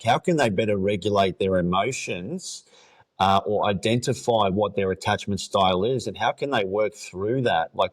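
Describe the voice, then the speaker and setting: Low-voiced man hosting a casual podcast. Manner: loose, fillers, swears casually. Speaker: podcast host. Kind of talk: casual interview chat.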